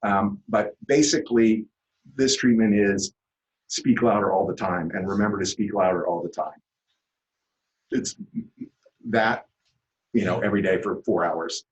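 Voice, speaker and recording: A man giving a classroom lecture, explaining at a relaxed pace with lots of "uh" fillers. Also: on the low side, dull audio.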